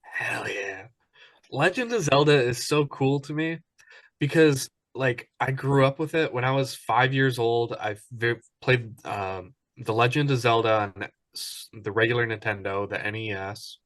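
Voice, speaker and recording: Male podcast co-host, 30s, rambling and enthusiastic, mid pitch, dry close sound. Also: measured pace, fairly bright tone, no echo. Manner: enthusiastic, rambling with many ums. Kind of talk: casual podcast chat.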